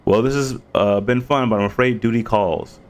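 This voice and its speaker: A man's voice: on the low side, normal speed, natural voice. A man voicing a tall, mischievous male alien gardener in a game, speaking playfully with odd stress on words.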